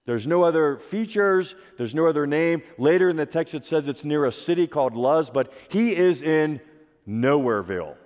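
The long reverb of a large hall surrounds a male pastor as he preaches, recounting a story conversationally and asking rhetorical questions. His voice is a little high, slightly mellow, and expressive, at a normal speed.

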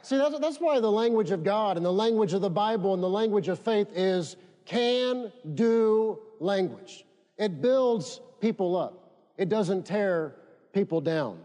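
A man's voice: sits high, expressive, unhurried, warm tone, in a large hall. A man preaching a sermon, leading the congregation to repeat phrases after him. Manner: emphatic, leads congregation in call-and-response. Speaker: pastor.

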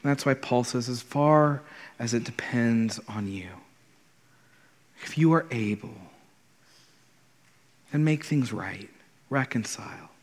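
A man's voice: medium pitch, takes it slowly, long pauses. Earnest male pastor in a reverberant sanctuary. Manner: earnest, conversational, repeats words when starting a thought. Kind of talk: sermon. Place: church sanctuary. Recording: long hall reverb.

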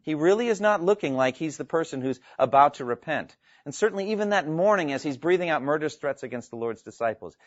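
A man's voice: medium pitch, no echo. A man giving a classroom theology lecture in an earnest, emphatic way, often asking his listeners rhetorical questions. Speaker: theology teacher. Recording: dull lo-fi, dry sound.

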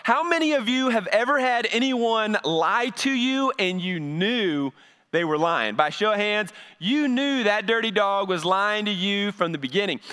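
A middle-aged man preaching a sermon to his congregation in a folksy, animated storytelling way, acting out the voices in his stories. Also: high voice, unhurried, clear, resonant tone. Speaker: pastor. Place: church service before a congregation.

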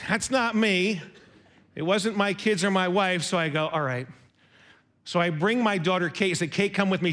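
High-voiced middle-aged man preaching. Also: a little hiss or hum. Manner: conversational, self-deprecating, animated retelling with quoted dialogue. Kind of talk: sermon storytelling.

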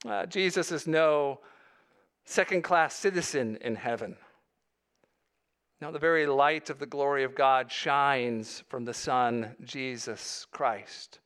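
A man's voice: medium pitch, takes it slowly, fairly bright tone. A male pastor delivering a sermon, earnest, with rising emphasis on key phrases.

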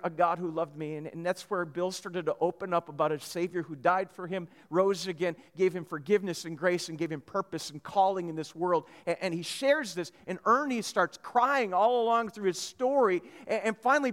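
A male pastor telling a personal story during a sermon, animated and full of quick restarts. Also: high voice, in a large hall.

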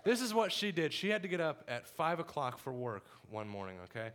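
A young man telling his personal story to a church congregation, animated and laughing often as he acts out his own past words. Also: a little high, fairly quick. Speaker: church member giving testimony.

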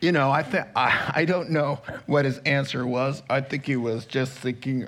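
A male pastor preaching a sermon, animated and chuckling, acting out quotes as he goes. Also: mid-range voice, normal speed, hardly any pauses.

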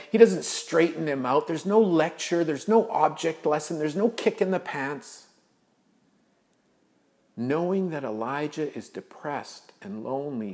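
A male pastor preaching a sermon, earnest, building to emphasis and then dropping soft. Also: medium pitch.

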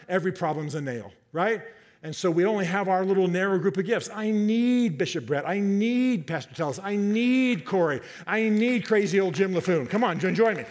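A man preaching a sermon to a congregation, animated and joking, often repeating and restarting his words. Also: high-pitched. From Southern United States, half his family.

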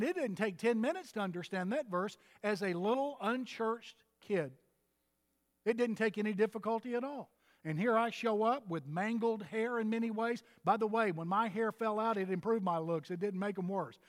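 Older male pastor from Texas, folksy storyteller, high voice, echoing hall. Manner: folksy storytelling preacher, humorous asides. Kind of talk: sermon. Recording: reverberant hall.

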